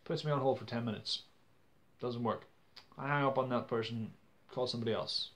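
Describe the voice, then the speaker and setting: A man's voice: medium pitch, fairly even intonation, brisk. A young man, ranting to camera in a casual vlog, exasperated, with many stumbling restarts. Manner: exasperated, stumbling restarts, acts out quoted people loudly. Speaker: vlogger.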